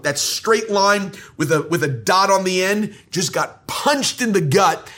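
A man preaching a sermon, reading scripture aloud and stretching key words slowly for emphasis. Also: fairly high pitch, a bit bright, husky. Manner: reads scripture aloud and comments on it. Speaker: pastor.

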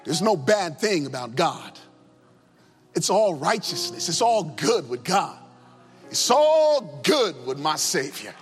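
A man's voice: on the high side, very animated, slow. A man preaching a sermon with passion, repeating his phrases and swinging his emphasis up and down. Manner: impassioned, repetitive, rising and falling emphasis. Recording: long hall reverb with faint music.

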